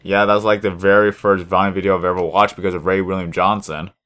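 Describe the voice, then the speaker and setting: A man's voice: sits low, little pitch movement, quick pace, a bit bright. A young man hosting a gaming video, chatting casually and rambling in a laid-back way over a headset while he plays. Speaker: gaming channel host. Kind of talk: casual chat while playing a game.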